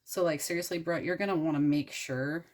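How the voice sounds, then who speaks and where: A woman's voice: low-pitched, fairly even intonation, fairly quick, darkish tone. A young adult woman from the United States retelling a story in a casual, irreverent and profane way, rambling with many fillers. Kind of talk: casual storytelling while crafting.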